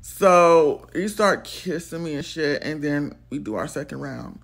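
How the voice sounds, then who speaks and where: A woman telling a storytime, blunt, profane and animated. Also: low voice, measured pace. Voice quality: gravelly and husky. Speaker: storytime vlogger. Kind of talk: casual storytelling.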